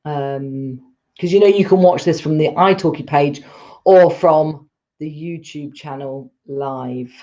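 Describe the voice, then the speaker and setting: A woman's voice: sits low, slow, warm tone, dull audio. A woman teaching a live online English lesson, patient and encouraging as she explains step by step.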